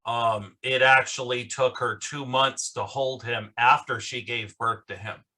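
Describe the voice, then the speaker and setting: Slow, earnest man moderating a panel. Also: mid-range voice, fairly even intonation, bright, forceful tone. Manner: slow, earnest, halting with fillers. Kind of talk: virtual conference panel talk. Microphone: video call.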